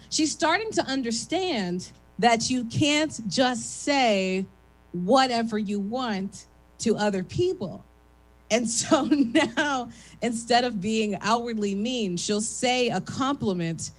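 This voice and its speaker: A young woman from East Oakland performs a stand-up set in a calm, even voice that sounds like radio announcing. She pitches her voice a little high and fills the pauses with self-mocking asides. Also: low-quality recording. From East Oakland, California. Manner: even, radio-like speaking voice, self-deprecating, many fillers. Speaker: stand-up comic.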